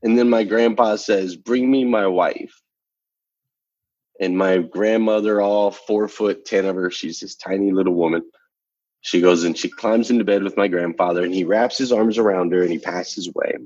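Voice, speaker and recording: Husky low-voiced guy telling a story, repeats stuff for emphasis, kinda muffled recording. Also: fairly even intonation, normal speed, a little mellow, no room sound. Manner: emphatic, repeats phrases for effect; motivational, challenges the listener. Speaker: podcast guest. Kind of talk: personal storytelling.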